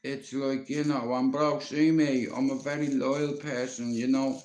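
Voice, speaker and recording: A man's voice: medium pitch, little pitch movement, measured pace, a little mellow. A Dublin man in his fifties telling stories casually on a live stream, rambling and swearing with plenty of "you know". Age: 50s. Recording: roomy echo.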